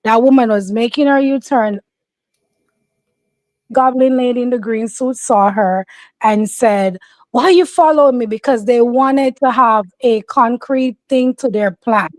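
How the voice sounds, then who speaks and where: A woman's voice: on the high side, fairly even intonation, measured pace, no room sound. A woman giving casual, opinionated commentary, emphatic and insistent, acting out the voices of people she quotes.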